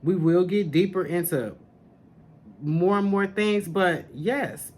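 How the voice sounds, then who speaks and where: A woman talks slowly and deliberately, drawing out her words as she hosts a spiritual podcast. Her tone is sassy and familiar, and she calls her listeners honey and baby in a casual chat to camera. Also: fairly low pitch, a little mellow. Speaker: podcast host, spiritual teacher.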